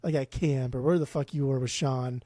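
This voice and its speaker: A man's voice: mid-range voice, fairly even intonation, normal speed, warm tone, no room sound. A man co-hosting a casual music podcast, blunt and swearing freely, often restarting his sentences. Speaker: podcast co-host.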